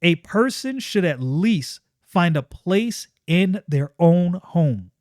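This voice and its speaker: A man reading the lines of a fierce middle-aged ranch wife from a comic book, in a stern, measured voice close to his own. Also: high-pitched, expressive, darkish tone, dry recording.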